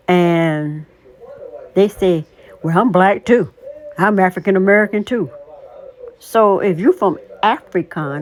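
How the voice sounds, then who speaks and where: A woman in her sixties speaks slowly and deliberately, leaning hard on her points in a casual monologue. Her voice sits a little low. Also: a little mellow. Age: 60s. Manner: deliberate, emphatic, opinionated. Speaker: vlogger.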